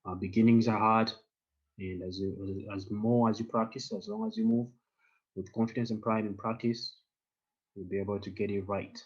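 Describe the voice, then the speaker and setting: A man's voice: fairly low pitch, flat delivery, moderate pace, slightly rough, dull audio. A man teaching an online German class, patiently repeating phrases for learners to echo over a computer mic on a video call. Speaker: language teacher.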